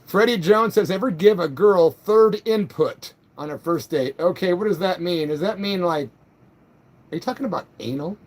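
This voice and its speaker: A man's voice: sits high, moderate pace. A middle-aged man hosting a casual live stream, reading chat comments aloud in a loose, profane way that flares up and then laughs it off. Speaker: livestream host.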